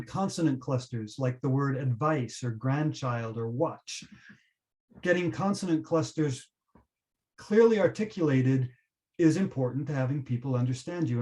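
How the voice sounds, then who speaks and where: A man giving a teacher-training webinar, explaining pronunciation and slowly modelling example words. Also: medium pitch, dark tone. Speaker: webinar presenter.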